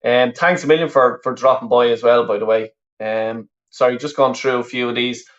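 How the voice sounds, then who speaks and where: Heard through lo-fi sound, his mid-range voice holds a steady tone at a moderate pace. A west-of-Ireland native with a Dublin accent, the man hosts a live football watch-along, calling the match and reading out what viewers write. He's chatty and meandering, cursing often and frequently starting over.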